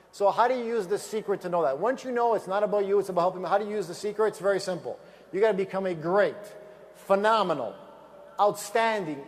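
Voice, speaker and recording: Fast, high-voiced man speaking on stage. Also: darkish tone. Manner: emphatic, repetitive, storytelling. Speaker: motivational speaker at a sales event. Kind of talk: energetic motivational speech. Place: large event stage.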